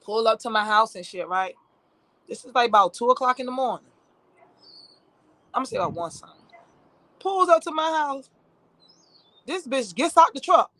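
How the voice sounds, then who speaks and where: A woman telling a personal story in casual, animated talk, heavy with profanity and frequent asides to the listener. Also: on the high side, moderate pace, pauses often, no room sound.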